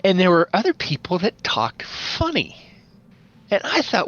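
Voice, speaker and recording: A man who runs tabletop games, chatting on a podcast as an animated storyteller. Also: high voice, a little slow. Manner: animated storyteller, playful voice imitations. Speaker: podcast guest, game master. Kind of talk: casual podcast chat. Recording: dull lo-fi audio.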